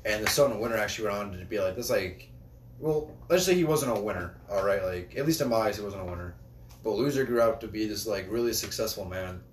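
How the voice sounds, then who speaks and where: A young man explains things in quick casual chat, stacking up fillers as he goes. His voice sits a little low. He is a bit off the mic in an echoey room, with faint ambience behind him. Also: lively intonation, far from the mic, a little hiss or hum. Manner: explains at length with many fillers.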